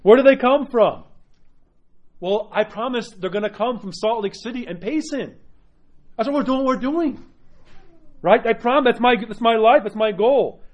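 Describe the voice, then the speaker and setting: A man preaching a sermon as an Orthodox priest, earnest and animated, often checking in with "right?". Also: very high voice, moderate pace, long pauses. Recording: dull lo-fi sound.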